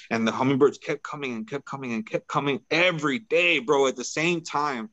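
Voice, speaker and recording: A man's voice: medium pitch, fairly quick, few pauses, fairly bright tone, no echo, low-quality recording. A man as a podcast guest, telling a personal story in a laid-back, casual way and peppering his talk with "bro" and "right?".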